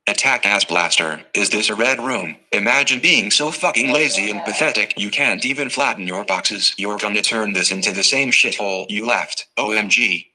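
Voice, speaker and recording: This is a synthetic male voice that reads viewer messages aloud. It keeps a flat, evenly paced machine delivery. The tone sits a little low and sounds very bright and sharp. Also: moderate pace, few pauses, poor audio. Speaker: text-to-speech reader of viewer messages.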